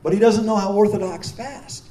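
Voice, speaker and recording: Mellow-voiced priest telling a story. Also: male voice, high-pitched, steady tone, moderate pace. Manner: earnest, anecdotal, with frequent restarts. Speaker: prison chaplain, priest. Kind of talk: storytelling talk. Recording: distant mic with faint noise.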